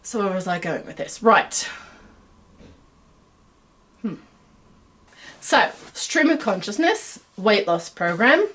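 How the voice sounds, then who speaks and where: A middle-aged American woman talks in a put-on Australian accent, with a voice of ordinary middle pitch. She rambles chattily in a stream-of-consciousness monologue, full of fillers and self-deprecating asides, as the host of her own web series. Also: very animated, slow pace, long pauses, a bit bright. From United States.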